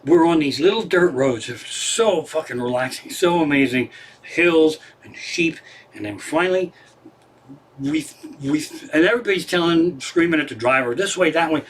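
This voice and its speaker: A man from Pennsylvania, a comedian hosting a livestream show from his living room, telling a casual, profane story, excitable and animated, swearing constantly. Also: fairly high pitch, normal speed, a little hiss or hum.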